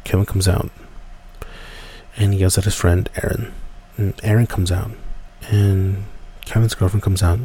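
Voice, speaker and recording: A man casually telling a spooky woods story, rambling and dropping to hushed whispers at tense moments. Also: low voice, a little slow, slight background noise. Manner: relaxed, rambling, drops to hushed whispers for tension. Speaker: podcast storyteller.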